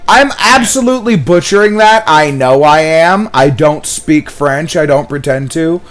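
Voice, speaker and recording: An American man in casual chat, animated and swearing, acting out quoted voices in his stories. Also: on the high side, a little slow, faint music behind. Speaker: gaming companion.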